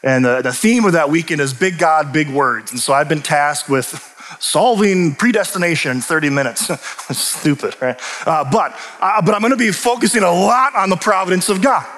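A man preaching a sermon, animated and emphatic, often restarting his sentences. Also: a little high, normal speed. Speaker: pastor and teacher. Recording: long reverb of a large hall.

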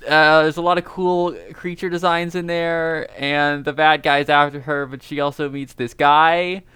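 Man, podcast co-host, halting casual chat, smooth resonant voice, dry close mic. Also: a little high, flat delivery, pushed and bright, no room sound. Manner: halting, many ums and uhs, self-deprecating.

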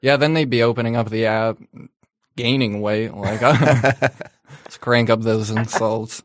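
A man's voice: medium pitch, fairly even intonation, takes it slowly, no echo, clean studio sound. A man chatting casually and joking on a podcast, rambling loosely with lots of fillers. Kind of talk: casual chat.

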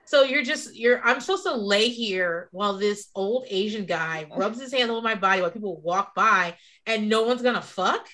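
With a medium-pitched voice at a moderate pace, she barely pauses as she co-hosts this casual reality-show recap. The gossip comes with profanity, and she brings quoted lines to life with animated storytelling.

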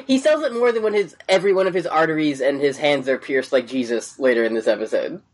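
A man's voice: fairly high pitch, fast talker. A man co-hosting a podcast, chatting casually and profanely, laughing often and acting out lines from the show. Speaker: podcast co-host. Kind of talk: casual recap chat.

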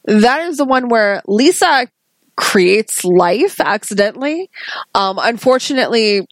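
Female podcast co-host, relaxed and slow-paced, slightly high pitch, dry mic. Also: no room sound. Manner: unhurried, hesitant with fillers. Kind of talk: casual chat about a cartoon.

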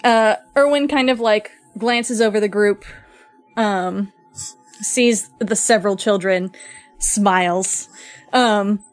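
A woman running a tabletop game as game master, narrating in a relaxed, rambling way with lots of fillers. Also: medium pitch, slow pace, faint music behind.

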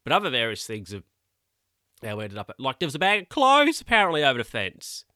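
A man's voice: medium pitch, wildly swooping pitch, brisk, pushed and bright, dry recording, studio quality. A man talking through a casual, rambling monologue, often correcting himself and sounding incredulous.

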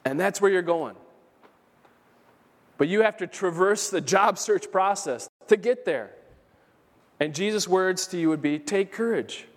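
A male pastor preaches in a church sanctuary, reading scripture aloud and repeating key phrases for emphasis. His voice is high and a little slow with long pauses, and the recording carries a long hall reverb.

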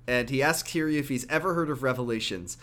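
Animated man recapping a game. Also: mid-range voice, fast. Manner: animated, acts out character lines. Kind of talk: casual chat recapping a video game.

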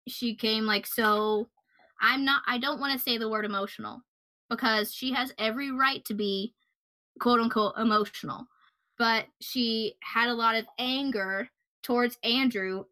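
A woman's voice: medium pitch, pushed and bright. A woman co-hosting a true crime podcast, telling the story casually with fillers, sometimes getting heated and swearing.

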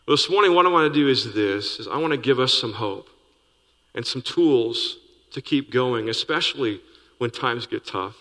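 A man preaching a sermon with a very bright, forceful voice, earnest and conversational, slipping in folksy asides. His words ring out with a long reverb through the church sanctuary. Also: mid-range voice, animated, normal speed. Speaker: pastor.

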